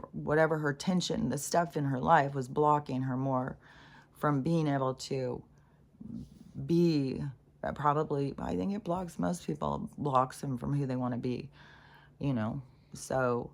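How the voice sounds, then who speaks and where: A middle-aged woman telling a candid, rambling personal story in a casual way, swearing freely. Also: very deep voice. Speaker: spiritual content creator.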